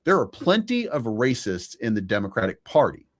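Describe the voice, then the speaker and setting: A man's voice: medium pitch, sing-song, normal speed. A man co-hosting a podcast, giving his opinions in casual chat, speeding up in bursts and swearing now and then. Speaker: podcast co-host.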